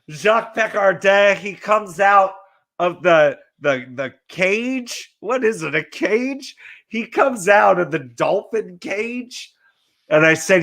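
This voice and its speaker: A man co-hosting a casual podcast, telling a comic tall tale in a deadpan, joking way. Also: sits high, slow pace, vocal fry. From California. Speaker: podcast co-host.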